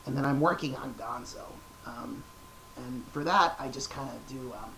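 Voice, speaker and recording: A young man chatting casually to his viewers in a relaxed, rambling way. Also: medium pitch, normal speed, background noise. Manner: relaxed, rambling, lots of fillers. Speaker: vlogger. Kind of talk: casual chat.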